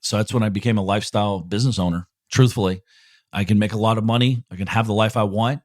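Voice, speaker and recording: A man's voice: on the low side, fairly even intonation, fast, no room sound, clean studio sound. A middle-aged man hosting a podcast and answering listener questions in a casual motivational monologue. He is blunt and profane, and candid about his own feelings. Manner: blunt and profane, swearing freely; candid, openly emotional about personal matters.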